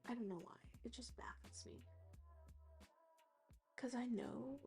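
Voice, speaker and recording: A woman's voice: fairly high pitch, takes it slowly, a little mellow, faint music behind. A woman streamer chatting casually while she crochets, rambling and often trailing off into a near-whisper.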